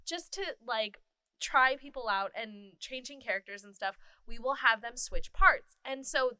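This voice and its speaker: A woman with a fairly high voice, telling backstage stories in a casual chat and laughing often. The sound is dry and close, with no room around it. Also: measured pace, smooth, no echo. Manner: animated storyteller, laughs often. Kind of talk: casual chat about theater.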